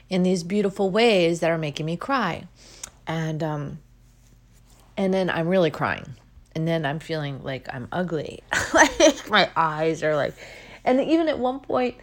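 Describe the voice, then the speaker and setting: A middle-aged woman hosting her own self-help show, talking in a gentle, chatty, rambling way with lots of fillers. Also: on the low side. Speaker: host. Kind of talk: casual spiritual self-help monologue.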